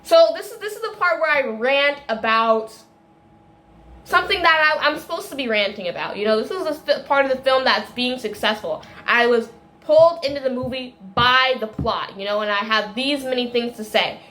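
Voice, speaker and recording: High-voiced woman ranting casually. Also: normal speed. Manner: rambling, animated, many restarts and tangents. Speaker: video creator. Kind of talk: casual film rant.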